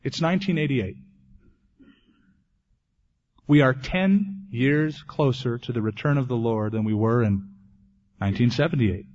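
Male pastor, mid-pitched, earnest sermon delivery, lo-fi 1980s tape sound. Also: normal speed. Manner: earnest preaching, ending in a quiet prayer.

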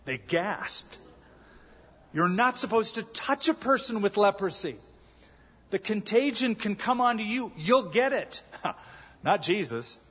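Male pastor, sermon, slightly high voice, breathy; dull recording in a big reverberant hall. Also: measured pace. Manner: animated preaching, acting out voices and shouts. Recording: dull, echoey large hall.

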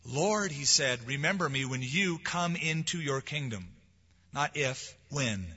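A man's voice: medium pitch, expressive, a little slow, husky, lo-fi sound. Preaching man in an echoey hall. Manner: preaching with swelling emphasis and soft drops. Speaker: pastor. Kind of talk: sermon.

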